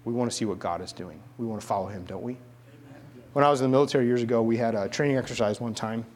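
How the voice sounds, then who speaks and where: A middle-aged man delivers a sermon, blending a funny personal story with quiet, emphatic repetition. His voice is medium-pitched and he speaks very fast.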